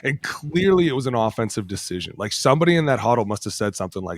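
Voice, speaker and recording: A man co-hosting a podcast, a former lineman who tells football stories in animated, profane casual chat and laughs a lot. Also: medium pitch, fast talker, dry recording. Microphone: studio podcast mic.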